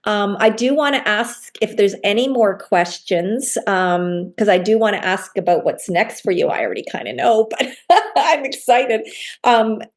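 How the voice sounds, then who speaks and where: Warm-hearted-sounding host, woman, mid-pitched, gushing with enthusiasm and thanks. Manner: effusive, enthusiastic, grateful. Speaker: book circle host. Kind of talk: casual group discussion.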